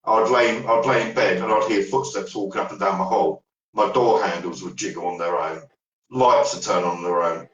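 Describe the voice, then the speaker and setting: A man's voice: normal speed, muffled recording. A man, telling ghost stories in a rambling podcast chat, trailing off and restarting. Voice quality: deep voice. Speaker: paranormal investigator guest. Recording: echoey room, far from the mic.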